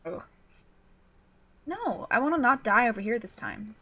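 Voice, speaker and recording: A young woman streamer chatting over a game from home, giggly and quick to swear. Her voice is bright and rather high, and it rises and falls a lot as she reacts on the fly. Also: very animated. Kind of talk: casual game commentary. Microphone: desk mic.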